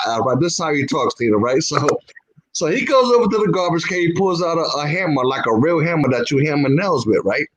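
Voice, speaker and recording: A man's voice: on the high side, animated, fairly quick, low-quality recording. Profane, rambling man. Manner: profane, peppers speech with "whatever". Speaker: podcast co-host. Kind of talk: casual storytelling.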